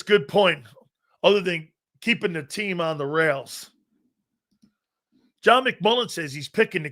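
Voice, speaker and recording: A man's voice: high voice, sharp tone. A middle-aged man hosting a live sports talk show, brash and profane, rambling through chat comments and laughing often.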